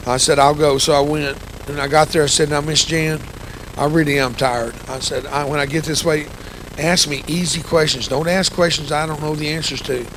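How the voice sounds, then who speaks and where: A man in his sixties with a gravelly, grumpy-sounding voice, giving an impassioned, folksy testimony sermon with humor as a church guest speaker. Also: on the high side, noisy background. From United States. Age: 60s. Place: church sanctuary.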